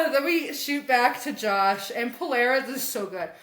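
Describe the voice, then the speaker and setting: A young woman podcast co-host recapping a comic in casual chat, animated and laughing as she acts out the characters' lines. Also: high voice, a little slow. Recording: echoey room.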